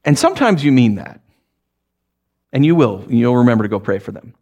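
A man's voice: mid-range voice, very animated, fairly quick, a little mellow. A man preaching in a conversational, joking way, now and then acting out little voices of the people he talks about. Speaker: pastor. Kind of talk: sermon.

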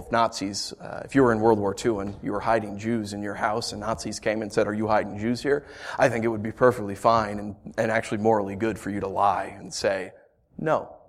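A man preaching a sermon, animated and acting out the story in voices. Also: on the low side. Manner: animated, acts out the scenes in voices. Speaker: pastor.

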